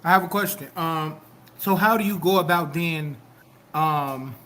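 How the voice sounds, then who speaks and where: A man's voice: a little high, a little slow, pushed and bright. A man on a panel who asks questions in a hesitant way, searching for words as he goes. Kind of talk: casual discussion.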